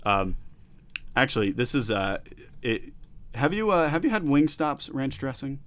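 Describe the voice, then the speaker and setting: A man's voice: medium pitch, sing-song, unhurried, a bit bright, clear, resonant tone. A young man co-hosting a casual podcast, rambling and teasing, laughing often. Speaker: podcast co-host. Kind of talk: casual chat.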